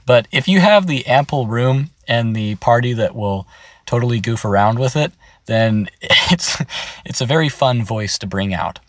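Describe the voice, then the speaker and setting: A man's voice: medium pitch, lively intonation, measured pace, no echo, studio quality. A man giving a casual, upbeat voice acting tutorial, explaining step by step from his car.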